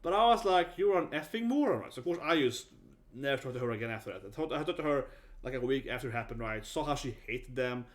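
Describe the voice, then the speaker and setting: A man's voice: mid-range voice, quick pace. A man in his thirties from Sweden with a Swedish accent, telling a story in a blunt, casual vlog. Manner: animated, blunt, swears and laughs often. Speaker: vlogger.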